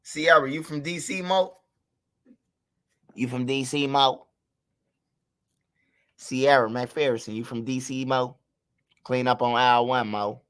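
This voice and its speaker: A man's voice: medium pitch, fairly even intonation, takes it slowly, pauses often, a bit bright, smooth. A man hosting a livestream, telling a story and talking straight to his chat in a loose, profane way. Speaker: livestream host. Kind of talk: casual livestream commentary.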